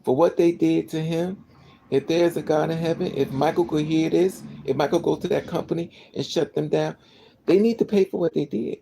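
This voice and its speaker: A vlogger's indignant storytelling rant with a dark, gravelly tone. The voice keeps circling back to the same phrases to hammer them home, with heavy fry on the low notes. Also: moderate pace, a little hiss or hum, rough recording. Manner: emotional, indignant, repeats phrases for emphasis.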